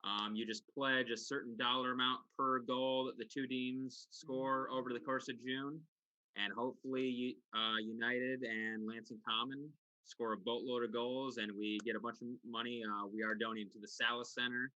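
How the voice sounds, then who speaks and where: A man's voice: medium pitch, level tone, normal speed, bright, forceful tone. Man co-hosting over a dull call line. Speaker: podcast co-host. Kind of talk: casual chat.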